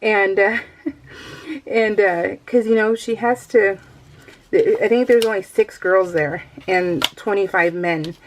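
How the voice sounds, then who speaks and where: A woman's voice: medium pitch, takes it slowly, a little hiss or hum. Middle-aged mom vlogging while she crafts, chatty and rambly, laughs a lot, talks right to viewers. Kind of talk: casual chat while crafting.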